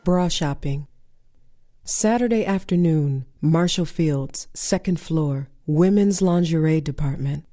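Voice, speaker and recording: A woman's voice: sits low, slow pace, warm tone. A woman poet performing a spoken-word poem with a dry, sardonic, rhythmic delivery.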